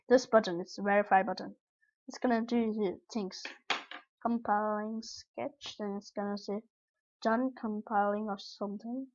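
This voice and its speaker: A young woman with a high voice gives a casual tutorial. She rambles and keeps correcting herself as she goes. The sound is dull and lo-fi, like a laptop mic. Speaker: tutorial vlogger.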